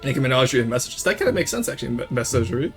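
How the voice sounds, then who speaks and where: Speaking very fast in a mid-range voice, a young Quebecois streamer banters with his viewers over faint background music. He's lively and loose, switching to French now and then, swearing and laughing freely.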